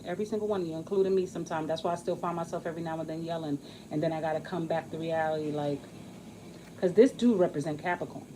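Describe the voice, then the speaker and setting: Animated, profane woman in a rambling vlog. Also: on the low side, slight background noise, low-quality recording. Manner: profane, emphatic, rambling and joking. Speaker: astrology reading creator. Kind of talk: casual monologue vlog.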